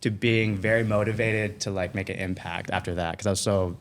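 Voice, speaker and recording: A man guesting on a podcast, telling a personal story in a casual, animated way, full of "like" fillers and acted-out quotes. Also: lowish voice, a little fast, slight background noise. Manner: animated, acts out quoted voices, many "like" fillers.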